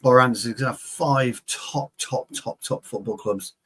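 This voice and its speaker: A man's voice: medium pitch, normal speed, fairly bright tone, slight background noise. A man co-hosting a football show in casual chat, boisterous and joking, swearing freely.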